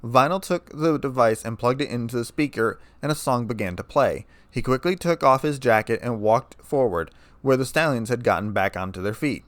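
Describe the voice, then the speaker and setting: Male narrator for a fan story reading: mid pitch, very dry close sound. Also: normal speed, few pauses, no room sound.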